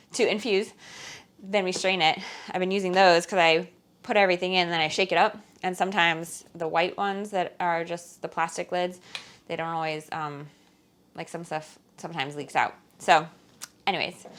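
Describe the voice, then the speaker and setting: This woman has a slightly low voice and chats loosely while busy in her home kitchen. Her talk meanders and leans heavily on "like" and "um". Small laughs slip in between her phrases. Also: normal speed, fairly bright tone. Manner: chatty and rambling, heavy use of "like" and "um". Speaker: frugal-living vlogger. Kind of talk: casual chat to viewers while cooking.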